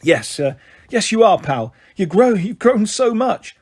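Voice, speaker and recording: A man's voice: sits high, sing-song, unhurried, a little mellow, husky, pitched above the performer's own voice, full character voice. A man doing an evasive runaway dad. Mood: jolly. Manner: breezy, offhand, awkward. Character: casual, evasive father who walked out. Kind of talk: audiobook character voice.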